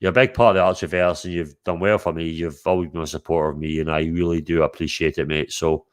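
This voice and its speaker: Scottish male streamer, low-pitched, boisterous sweary host type. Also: steady tone, fast, clean tone. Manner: boisterous and sweary, calling out to chat and viewers. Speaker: livestream host. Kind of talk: casual livestream chat.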